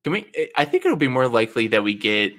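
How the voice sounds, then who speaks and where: A young man co-hosting a podcast in casual chat, rambling with many fillers and quick to giggle. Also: medium pitch, very animated, fairly bright tone. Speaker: podcast co-host.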